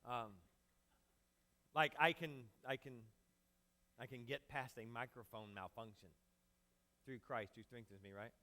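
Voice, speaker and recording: A male pastor holds a handheld mic and preaches a conversational sermon, joking casually with the congregation. His medium-pitched voice is pushed and bright, with fairly even intonation, a measured pace, and frequent pauses.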